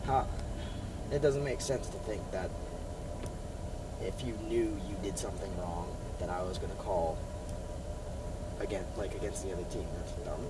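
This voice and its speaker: A young man chatting casually in a rambling, animated way, full of fillers, telling a story from inside a car. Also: low voice, normal speed, pauses often, recorded from a distance, very noisy. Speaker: vlogger. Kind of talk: casual chat.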